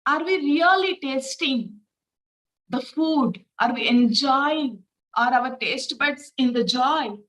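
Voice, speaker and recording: A woman, leading a spiritual reflection talk through gentle, repeated rhetorical questions. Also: high-pitched, slow, poor audio. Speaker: spiritual teacher.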